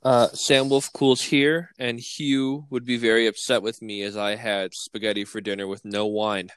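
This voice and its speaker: A man from the Midwest co-hosting a podcast in casual chat, relaxed and rambling with lots of "like". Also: lowish voice, normal speed, clear, resonant tone, no echo. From American Midwest. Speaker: podcast co-host.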